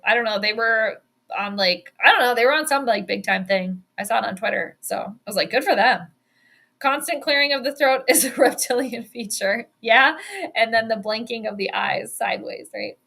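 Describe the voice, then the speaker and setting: A woman's voice: fairly high pitch, bright, forceful tone. A woman hosting a sports show in a casual livestream chat, bubbly and chatty, laughing often as she reads viewer comments. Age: adult. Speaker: sports podcast host.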